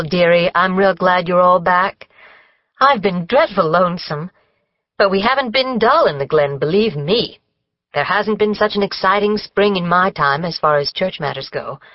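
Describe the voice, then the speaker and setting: A woman's voice: medium pitch, animated, normal speed, no echo, lightly acted. A chatty middle-aged village woman leans hard on her words, as a woman narrator puts her on. Recorded dry, with a slightly dull top end.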